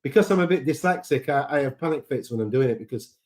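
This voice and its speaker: A man's voice: medium pitch, lively intonation, quick pace, darkish tone. A man hosting a casual live chat, reading out viewer comments and greeting people by name in a sentimental way.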